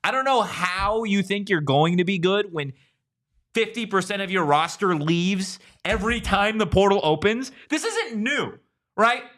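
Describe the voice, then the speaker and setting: A man's voice: high voice, lively intonation, a little slow, a bit bright. A man hosting a sports talk show, brash and mocking, swearing freely in casual chat.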